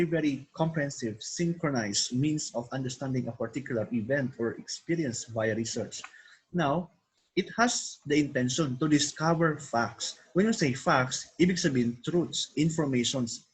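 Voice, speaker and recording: A man's voice: mid-range voice, husky, low-quality recording. A man, teaching a recorded online lesson and piling up synonyms as he explains. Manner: repetitive, piles up synonyms, code-switches into Tagalog.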